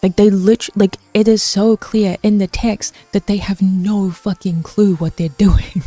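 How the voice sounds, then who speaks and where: A woman's voice: medium pitch, fairly even intonation, measured pace, warm tone, soft background music. A woman streamer ranting casually about history, chatty and swearing, answering her chat as she goes.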